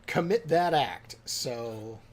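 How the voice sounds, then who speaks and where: A man at mid pitch hosting a relaxed podcast conversation. He delivers dry, sarcastic one-liners in an offhand way. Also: takes it slowly. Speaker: podcast host. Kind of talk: casual chat.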